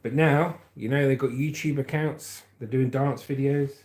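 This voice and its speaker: A man's voice: medium pitch, steady tone, normal speed, darkish tone. An English man hosting a livestream, reading news aloud and chatting and joking with viewers' comments. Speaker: livestream host.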